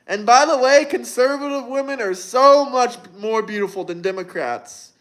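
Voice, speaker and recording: A man's voice: very high-pitched, moderate pace, few pauses, fairly bright tone. A man in his twenties hosting a livestream, talking to chat in a brash, mocking, provocative way. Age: 20s. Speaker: livestream host. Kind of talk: live-stream chat.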